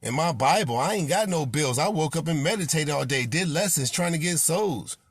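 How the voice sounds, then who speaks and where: Gravelly, scolding male preacher. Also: on the high side, animated, moderate pace, dry recording, studio quality. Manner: scolding, confrontational, repetitive rebukes. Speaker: self-styled prophet preaching. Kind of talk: impassioned sermon.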